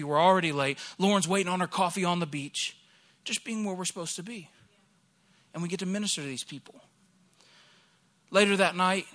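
A man in his thirties, a pastor from Alabama, preaching a sermon through a lively personal story and acting out the people he quotes. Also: high-pitched.

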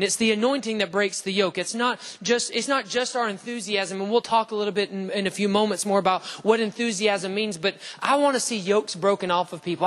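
Male pastor, high-pitched, fervent preaching with congregation call-and-response. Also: a bit bright. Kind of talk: sermon. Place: church sanctuary.

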